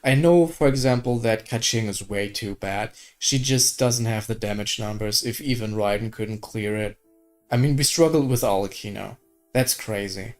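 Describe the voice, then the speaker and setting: A young man from Germany with a German accent, giving casual gameplay commentary, excitable and swearing at the game. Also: lowish voice, normal speed, faint music behind. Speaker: gaming streamer.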